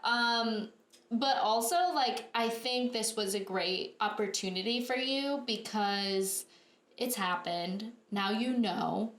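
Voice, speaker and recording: A young woman in casual podcast chat, offering encouraging advice and a steady stream of "right"s. Her voice is at a middle pitch. It rings with the echo of a hard-walled room. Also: takes it slowly. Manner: supportive, advice-giving, frequent "right". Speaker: podcast co-host. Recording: echoey room.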